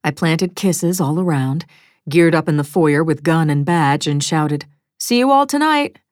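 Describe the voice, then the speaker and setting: A woman reading a first-person thriller audiobook in a measured, wry storytelling manner, close to a studio mic. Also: deep voice, fairly even intonation, a little mellow, dry recording. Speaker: audiobook narrator.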